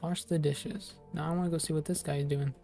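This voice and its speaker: A gameplay streamer giving casual commentary, reacting out loud and swearing as they play. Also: medium pitch, fairly even intonation, brisk, gravelly. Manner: swears casually and reacts out loud, reads the game text aloud. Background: faint game music.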